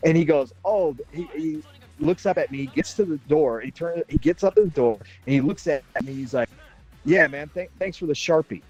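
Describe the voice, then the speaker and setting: A man telling a story in animated, casual chat, swearing and laughing as he goes. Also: on the high side, normal speed, faint music behind, low-quality recording. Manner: excitable, swears and laughs a lot. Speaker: podcast panelist.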